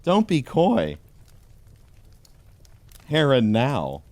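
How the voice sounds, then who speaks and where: A man giving a deadpan comedic reading of a holiday pun book, with dry delivery. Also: mid-range voice, drawn-out words, no room sound. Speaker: host.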